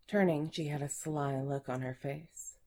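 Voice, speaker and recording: Low, slow woman narrating intimately. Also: steady tone, darkish tone. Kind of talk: erotic audiobook reading.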